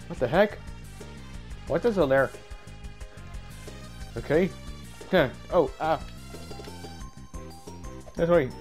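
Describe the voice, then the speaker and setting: Man, high voice, stuffy nose, yelping gameplay commentary, faint game music. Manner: excitable, yelps and shouts at mishaps. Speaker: gaming YouTuber.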